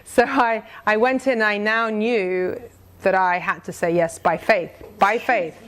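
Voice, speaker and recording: Middle-aged woman, testimony speaker at a church gathering, earnest and conversational, medium pitch. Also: fairly even intonation, a little slow. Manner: conversational, earnest, with many restarts and reading aloud a prayer. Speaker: speaker sharing a mission testimony. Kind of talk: personal testimony talk to a church group.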